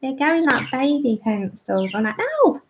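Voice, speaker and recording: A woman's voice: fairly high pitch, unhurried, gravelly, highs cut off, slight background noise. A woman hosting a live colouring tutorial, chatting with viewers by name and laughing often as she works. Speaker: art livestream host.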